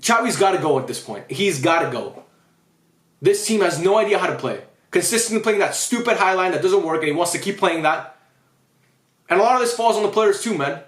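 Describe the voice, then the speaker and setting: A man's voice: high-pitched, animated, fairly quick, reverberant. A man giving an angry, frustrated post-match rant as a football fan, swearing often and sounding upset.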